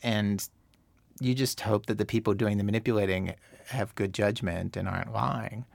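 A man's voice: lowish voice, fairly even intonation, normal speed, creaky, dry recording. A man who works as a radio producer, explaining storytelling craft in a chatty way, full of fillers and repeats. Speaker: radio producer, interview guest.

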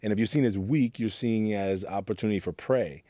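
Fairly quick and warm, his low voice comes through clean with no echo as this man from Oakland reflects in an interview. He heads a youth program and earnestly narrates his past, voicing what others said.

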